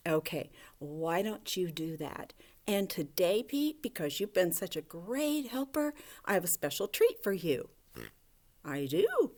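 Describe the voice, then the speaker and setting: A woman teacher giving a gentle, coaxing video lesson to young children, talking to a puppet. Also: on the low side. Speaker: elementary school teacher.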